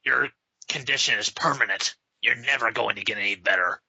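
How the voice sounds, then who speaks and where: A man reading aloud and voicing a gruff, contemptuous grown vigilante with curt, scornful lines. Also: medium pitch, brisk, sharp tone, no echo, exaggerated voice. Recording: slightly dull lo-fi sound.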